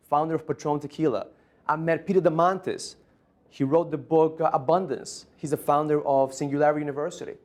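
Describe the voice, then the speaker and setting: A man's voice: on the high side, darkish tone. A man giving a motivational conference keynote, telling stories emphatically. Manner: emphatic storytelling. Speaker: motivational speaker.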